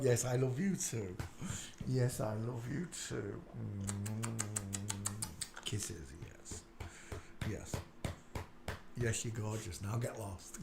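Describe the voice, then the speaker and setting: A man's voice: mid-range voice, fairly even intonation, slow, gravelly, long pauses, warm tone, roomy sound, slight background noise. A man hosting a casual livestream from home. He talks bluntly and crudely and keeps breaking off to fuss over his dog. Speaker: live stream host. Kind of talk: casual rambling livestream chat. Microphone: desk microphone.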